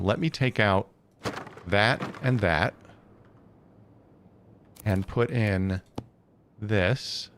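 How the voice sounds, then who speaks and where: Casting: lowish male streamer, muttering through builds, faint rumble behind. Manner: thinks aloud, hesitant, self-correcting. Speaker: streamer building a game base. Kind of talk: casual live-stream chat.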